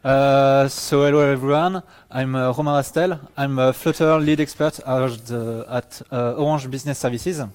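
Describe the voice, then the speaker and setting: A man's voice: medium pitch, steady tone, normal speed, hardly any pauses, a little mellow, clean tone. A man introducing himself at a conference, hesitant and full of fillers. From France. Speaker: conference speaker.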